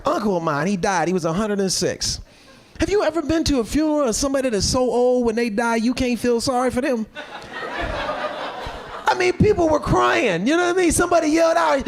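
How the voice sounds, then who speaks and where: A man doing stand-up on a comedy stage with a handheld mic, animated and shouting his punchlines. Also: extremely high pitch, fairly quick, creaky, noisy background. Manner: animated, shouting punchlines, acting out quoted voices. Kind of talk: stand-up routine.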